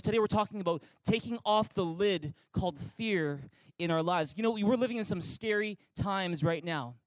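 A man's voice: sits high, moderate pace, no echo, low-quality recording. A man preaching as pastor in an online church service, upbeat and inviting, leading listeners in call-and-response. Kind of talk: sermon.

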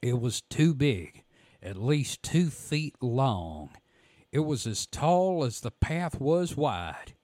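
A folksy Southern storyteller, as a hoarse man puts him on, draws out his account with a drawl and a lively rise and fall in pitch. His roughened throat gives every line a scratchy edge. The delivery is dry and close, with no room around it. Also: takes it slowly, dry recording. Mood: storytelling. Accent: American Southern. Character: Southern-drawling male storyteller recalling camp.

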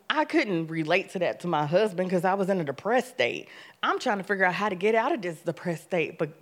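A young adult woman giving a church testimony, telling her story with animation, acting out her own past words and rising to loud, emphatic preaching. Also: fairly low pitch.

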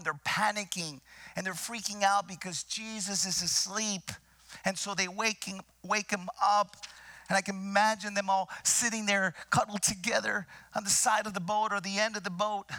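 Man, pastor, sermon, slow deliberate delivery, dramatic whispers, gravelly, slightly high voice. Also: pushed and bright. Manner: dramatic, drops to whispers for emphasis.

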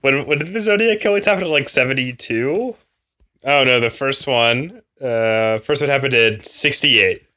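A man co-hosting a book podcast in an easy, casual chat. His voice is bright and forward, and he jokes, laughs often and trails off into fillers. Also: medium pitch, moderate pace. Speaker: podcast co-host. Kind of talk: casual chat about a novel.

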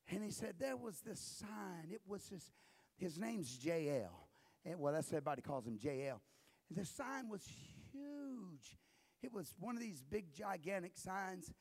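A man preaching a sermon, moving between quiet storytelling and loud, shouted exhortation. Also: high-pitched, creaky. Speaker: pastor.

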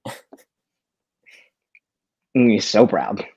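A man co-hosting a casual online show. He tells stories in an animated way and swears a lot. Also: fairly low pitch, takes it slowly, breathy edge, no echo, highs cut off. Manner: profane, animated storytelling. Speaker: podcast co-host. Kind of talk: casual chat.

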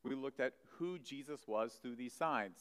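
A man preaching a sermon, animated, swinging from loud emphasis to soft asides. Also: mid-range voice, normal speed. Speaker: pastor. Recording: long hall reverb.

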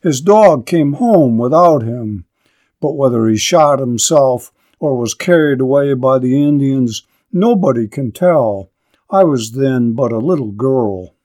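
Man reading a young village mother, plain-spoken, matter-of-fact, unhurried storybook voice. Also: medium pitch, lively intonation, a little mellow, lightly acted. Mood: wistful.

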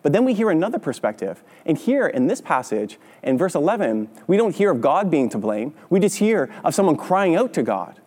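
A man's voice: fairly high pitch, very animated, a little fast, few pauses, a little mellow, long reverb tail. A male pastor preaching a sermon in a conversational way, often checking in with "right?". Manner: conversational, with frequent "right?" tag questions. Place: church sanctuary.

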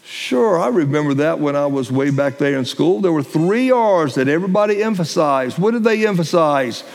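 A middle-aged man preaching a sermon as pastor, stressing key phrases and repeating them slowly. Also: fairly high pitch, animated. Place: church sanctuary. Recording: long hall reverb.

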